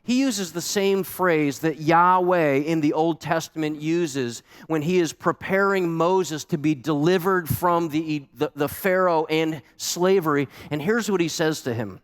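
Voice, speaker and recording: A male pastor preaching a sermon, earnest and animated, repeating words for emphasis. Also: a little high, a little slow, hardly any pauses, smooth, long reverb tail. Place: church sanctuary.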